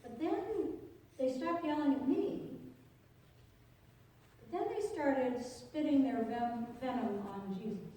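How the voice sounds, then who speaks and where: A woman pastor performing a first-person monologue as Zacchaeus, an anxious tax collector, telling his story with halting, repeated words. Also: high voice, mellow. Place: church sanctuary. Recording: echoey sanctuary, distant mic.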